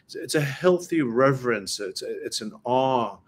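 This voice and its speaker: A man preaching in a conversational way, often restarting his sentences and reading scripture slowly. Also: mid-range voice, expressive. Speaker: preacher and teacher. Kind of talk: informal sermon talk.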